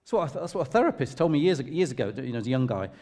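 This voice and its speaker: A middle-aged English vicar sharing a personal testimony in church, in a conversational, self-deprecating storytelling way. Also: male voice, medium pitch, very animated, rapid-fire, dark tone. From England. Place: church hall. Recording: long reverb of a large hall.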